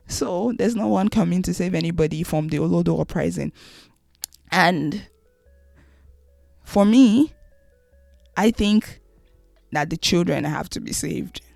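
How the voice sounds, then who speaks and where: A woman's voice: lowish voice, vocal fry, darkish tone, no room sound. Emphatic Nigerian woman, dry sound. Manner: emphatic, repeats and restarts phrases. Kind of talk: opinionated monologue.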